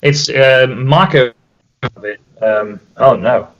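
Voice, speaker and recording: A man from the Netherlands, a band's drummer, telling tour stories in an animated way and laughing often over a video call. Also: medium pitch, drawn-out words. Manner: animated storyteller, acts out quotes, laughs a lot. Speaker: metal drummer in the band. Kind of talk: casual chat. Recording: dull lo-fi sound.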